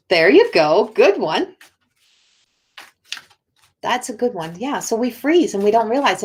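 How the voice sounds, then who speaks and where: A woman coach chatting casually to viewers on a live stream, earnest and encouraging, with halting speech and frequent restarts. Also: mid-range voice. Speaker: spiritual coach and oracle card reader.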